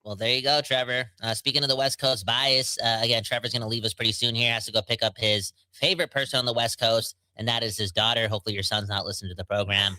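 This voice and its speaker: A man hosting a hockey podcast, joking around and rambling with many fillers. His voice is very bright and sharp. The sound is dry, with no room echo. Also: medium pitch, steady tone, quick pace, hardly any pauses. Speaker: podcast host. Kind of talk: casual podcast chat.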